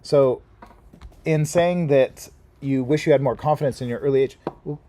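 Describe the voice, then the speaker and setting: A man's voice: mid-range voice, moderate pace, warm tone, slight background noise. A middle-aged man hosting a casual podcast chat, talking things through in a reflective way and swearing now and then. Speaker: podcast host.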